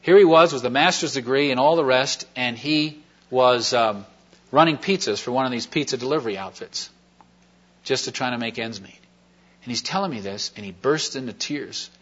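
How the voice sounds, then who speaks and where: Male preacher, mid-pitched, folksy rambling storyteller, dull lo-fi tape. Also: normal speed, a bit bright. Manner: rambling, folksy, with many fillers and restarts. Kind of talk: sermon testimony, conversational storytelling. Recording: dull lo-fi recording.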